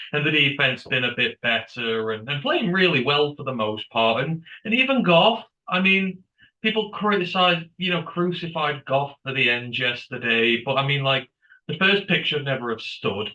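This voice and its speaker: Man, football fan co-host, blunt and sweary, bright voice, roomy and dull call audio. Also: medium pitch. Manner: blunt, swears when frustrated. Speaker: podcast co-host. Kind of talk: casual fan review chat.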